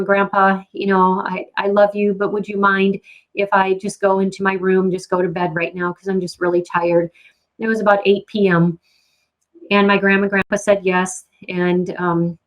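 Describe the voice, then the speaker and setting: A middle-aged woman giving a personal faith testimony, halting with frequent repeated words and restarts. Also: mid-range voice, fairly bright tone, rough recording.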